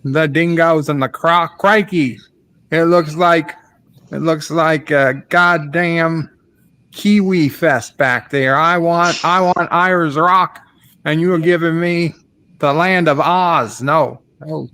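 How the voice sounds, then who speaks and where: A man voicing a brash, crude male caller with a drawn-out, slangy comic delivery on a video chat. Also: fairly high pitch, bright, forceful tone, clear, resonant tone, dry recording, heavily acted. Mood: rambling. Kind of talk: comic prank-call bit.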